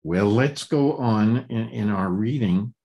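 An older man leading a group text study, talking haltingly with many fillers and restarts. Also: on the low side, darkish tone, highs cut off.

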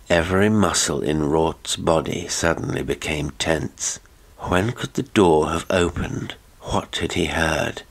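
A man narrates a classic horror tale in a grave, deliberate manner. His voice is extremely deep, and he lets each line fall slowly. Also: a bit bright. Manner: slow, grave and measured. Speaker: audiobook narrator.

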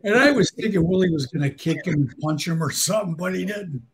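A man, a guest telling profane, animated anecdotes and acting out the people in them. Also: high voice, quick pace, vocal fry, poor audio. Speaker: guest storyteller. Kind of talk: casual storytelling.

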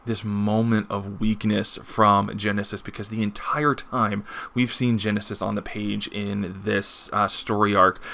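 A man's voice: fairly low pitch, level tone, a little slow, vocal fry, hardly any pauses, sharp tone. A man hosting a casual comic book review, gushing with enthusiasm and reading panels aloud, swearing now and then.

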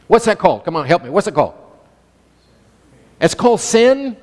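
Male pastor, high voice, emphatic sermon delivery, long hall reverb. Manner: emphatic, calls out to the congregation.

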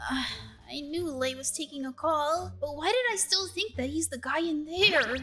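A woman's voice: sits high, normal speed, bright, forceful tone. A woman doing a chirpy ghost-girl nurse. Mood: uneasy. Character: young woman nurse's soul, cheerful, clingy, anxious. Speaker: fan dub voice actor. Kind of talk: amateur voice dub of animated story.

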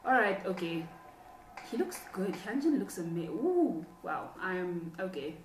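A young woman hosting a reaction video, chatting casually in an excitable, rambling way as a fan. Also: lowish voice, unhurried, slight background noise. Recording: roomy echo, distant from the mic. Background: music video playing.

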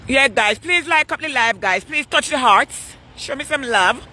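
An older woman with a lilt strolls outside at night and chats to her live-stream viewers in an easygoing way. Her voice is bright and clear, and she takes her time between words. She greets her audience by name as she goes. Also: sits high, slow, slight background noise. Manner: relaxed, chatty, greets and asks viewers by name. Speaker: vlogger hosting a live stream. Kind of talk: casual live-stream chat while walking. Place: outdoors on a street at night.

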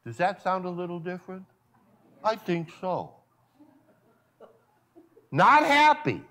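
A male pastor preaching a sermon at a church service, full of rhetorical questions and sudden drops to a hushed voice. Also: high voice, huge pitch swings, slow pace.

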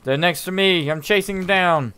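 Guy streaming a game, pretty high voice, chatty and goofy with his viewers. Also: moderate pace, pushed and bright, clear, resonant tone. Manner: playful, greets chat, hums along. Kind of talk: casual gaming livestream chat.

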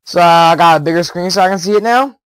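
A teenage boy giving rambling, excitable gameplay commentary on a headset mic, with giggles and sudden loud outbursts. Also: high-pitched, quick pace, clean tone, dry recording, poor audio. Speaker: gaming YouTuber.

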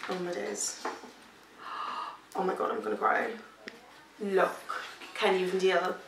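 A pregnant woman vlogging from home in a casual, gushing, excitable chat full of fillers. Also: mid-range voice, measured pace, gravelly, background noise. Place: at home, indoors. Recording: echoey room, mic at a distance.

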